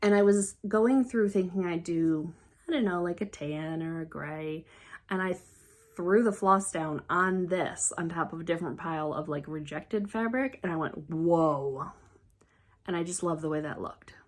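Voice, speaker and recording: A woman chatting casually as a crafting vlogger, excitable and rambling, often trailing off and restarting. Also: on the low side, moderate pace. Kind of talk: casual show-and-tell chat.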